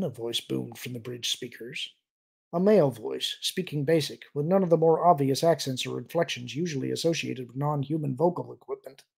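Male audiobook narrator, steady storyteller, raspy gravelly tone. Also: medium pitch. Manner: steady storytelling, voices all characters. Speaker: audiobook reader.

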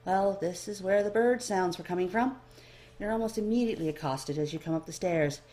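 A woman reading fan fiction aloud, narrating the story in an expressive, dry storytelling manner. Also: on the low side, a little fast.

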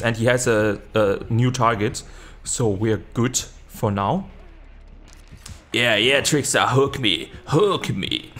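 A man narrating his own gameplay at an unhurried, drawn-out pace, with a voice of ordinary middle pitch. He is excitable and breaks into high yelps and casual swearing when the action heats up, then laughs at himself. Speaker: video game streamer. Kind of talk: live gameplay commentary.

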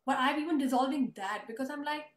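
A woman's voice: high-pitched, quick pace. A woman telling an emotional family story in earnest, conversational tones during an interview. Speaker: host and author. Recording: roomy echo.

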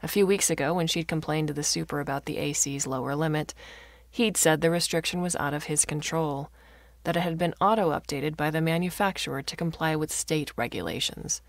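A woman reading a science fiction story aloud as narrator, with expressive delivery. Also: low voice, brisk, no echo, clean studio sound.

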